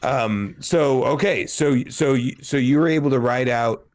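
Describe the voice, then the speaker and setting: A man's voice: medium pitch, unhurried, a little mellow. A man in a casual film review chat who talks hesitantly, restarting his sentences and laughing along. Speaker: podcast co-host.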